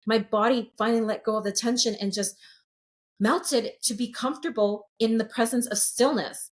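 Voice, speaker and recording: A woman's voice: on the high side, moderate pace. Candid, profane woman in her late 30s. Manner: earnest, swears freely, emotionally open. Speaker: sound healer, podcast guest. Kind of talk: candid podcast conversation.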